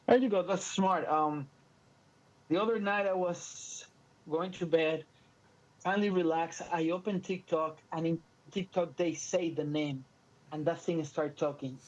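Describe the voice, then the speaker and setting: Speaking at a measured pace with a fairly high voice over poor audio, a native Spanish-speaking Latino man co-hosts a podcast. His chat is casual, playful and animated, full of jokes, in a Latin American Spanish accent.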